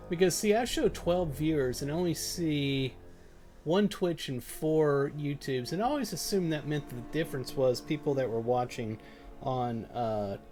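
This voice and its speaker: A man's voice: medium pitch, darkish tone. A man streaming a game from home, chatting casually and thinking aloud with lots of fillers. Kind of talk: casual live-stream chat. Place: home room at a computer. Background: game music and keyboard typing.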